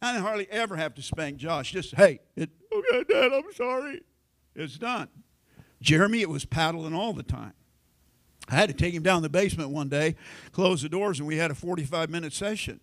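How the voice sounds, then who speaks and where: A middle-aged American pastor preaching a sermon in a folksy storytelling way, acting out family conversations. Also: male voice, fairly high pitch, fairly quick, fairly bright tone. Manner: folksy storytelling, acts out quoted family lines.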